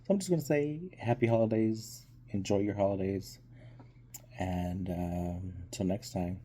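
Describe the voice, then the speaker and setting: A man's voice: sits low, unhurried, warm tone, a little hiss or hum. A man giving a casual, hesitant movie review on his vlog, full of ums, while still getting over being sick.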